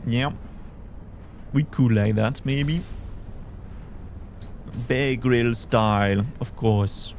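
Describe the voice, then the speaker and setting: A young man with a Belgian French accent streams a game, chatting casually, thinking aloud, and reading and answering his chat in relaxed gameplay commentary. His medium-pitched voice is a little mellow, with drawn-out words and long pauses, and there's a bit of hiss or hum.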